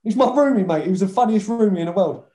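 A guest who used to play football, from Hackney in London, chats casually on a podcast, racing through animated stories of the old days. He swears freely and laughs often, and his slightly high voice moves quickly. The echo of a roomy space surrounds him.

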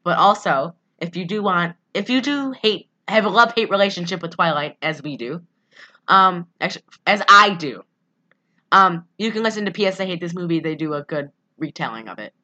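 A young woman with a bright, forceful voice pitched a little low, chatting loosely on a podcast. She recaps a movie and rambles with plenty of fillers and asides. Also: animated, moderate pace, muffled recording. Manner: rambling, full of "um" and "like", laughing asides. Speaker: podcast co-host. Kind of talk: casual chat recapping a movie.

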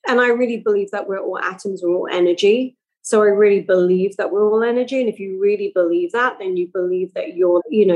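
A woman, telling stories as a podcast guest in a lively, chatty way. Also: mid-range voice, poor audio. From England. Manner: animated, chatty storytelling. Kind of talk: podcast interview.

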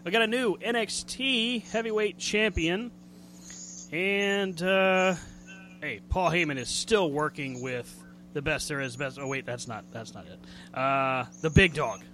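A man's voice: fairly high pitch, a little slow, bright, forceful tone, slight background noise. A man hosting a wrestling radio show, chatting casually in a jokey, rambling way and laughing easily. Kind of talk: casual chat.

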